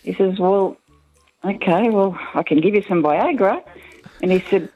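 A woman's voice: mid-range voice, moderate pace, slightly rough, faint music behind. A woman rings a talkback radio show and tells a joke in a loose, chatty way, using filler words. She sounds like she's coming through a dull, muffled phone line. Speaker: caller.

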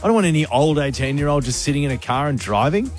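A man's voice: a little high, animated, faint music behind. A man, co-hosting a radio show with playful, teasing banter. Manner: playful, teasing, quick quips. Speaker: radio host. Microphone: studio microphone.

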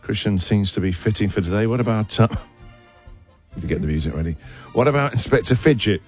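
Radio host, lively and jokey. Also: male voice, lowish voice, fast talker, faint music behind. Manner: jokey, laughs often, lively delivery. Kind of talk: playful radio banter reading listener puns.

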